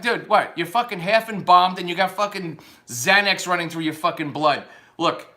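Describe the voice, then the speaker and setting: A man's voice: high-pitched, normal speed, bright, forceful tone. A man delivering an unscripted, profane, combative rant that rambles from point to point.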